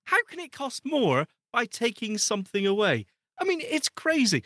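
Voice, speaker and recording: A man's voice: high-pitched, huge pitch swings, normal speed, a bit bright, no room sound, clean studio sound. A man co-hosting a podcast, ranting with exasperation and laughing often in casual chat. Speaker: podcast co-host.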